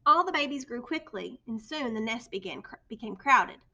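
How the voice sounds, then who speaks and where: Bright-voiced woman reading a picture book. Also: a little high, normal speed. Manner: expressive storytelling. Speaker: storybook reader. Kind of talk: children's book read-aloud.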